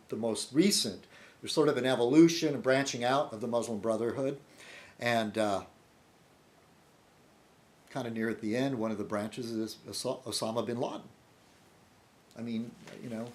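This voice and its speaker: A man video blogger talking through a rambling casual monologue, meandering with many restarts and frequent laughs. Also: medium pitch.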